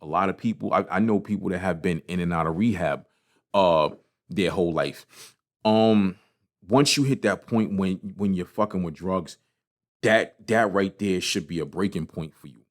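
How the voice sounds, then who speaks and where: A man's voice: low voice, normal speed. A man hosting his own podcast, talking casually and passionately about failure, swearing often and repeating himself. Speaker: podcast host. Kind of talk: casual motivational monologue.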